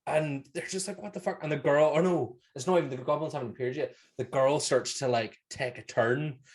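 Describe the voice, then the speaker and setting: A man's voice: a little high, brisk. Northern Irish man, podcast co-host, rambling casual recap, foul-mouthed. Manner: rambling, laughing, swears freely. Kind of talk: casual film review chat.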